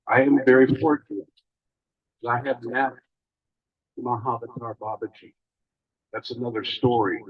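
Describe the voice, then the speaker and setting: A man gives a spiritual talk to a gathering, pausing often as he goes. His voice is husky and a little breathy, and the emotion shows in his words. The recording sounds dull and lo-fi. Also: mid-range voice. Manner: emotional, halting, with long pauses. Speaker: speaker.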